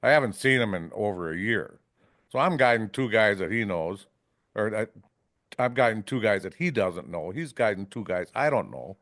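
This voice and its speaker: A man's voice: fairly low pitch, lively intonation, moderate pace, a bit bright, dry recording. Rambling storyteller man, dry close sound. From Wisconsin. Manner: rambling, tags lines with "right?", acts out salty quotes. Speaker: fishing guide telling stories as podcast guest. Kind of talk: casual storytelling. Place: podcast studio.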